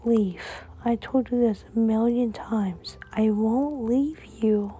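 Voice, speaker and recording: A woman voicing a loving young mother who comforts her child in a soft, often whispered voice. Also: fairly high pitch, slow, creaky, faint music behind. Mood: reassuring. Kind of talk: storytelling role-play.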